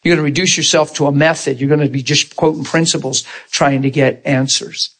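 A man's voice: fairly high pitch, fairly even intonation, brisk, fairly bright tone, breathy edge. A middle-aged man preaching a conversational sermon to a small class. He asks the room for agreement and acts out prayers and God's replies in quoted voices.

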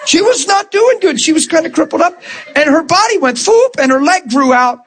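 A man who is a Christian minister, telling stories in an animated chat, emphatic and often laughing as he talks. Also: extremely high pitch, brisk.

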